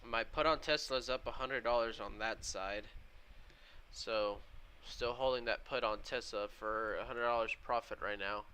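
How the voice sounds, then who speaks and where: A man's voice: medium pitch, normal speed, sharp tone, slight background noise. A man casually walking viewers through his trades on a live stream and answering chat. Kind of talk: live trading stream commentary.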